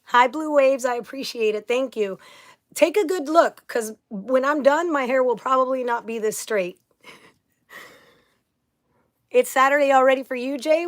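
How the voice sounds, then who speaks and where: A woman's voice: high voice, fairly bright tone. Upbeat woman hosting a chatty livestream. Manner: upbeat, effusive, greets viewers by name. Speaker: livestream host. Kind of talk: casual livestream chat with viewers.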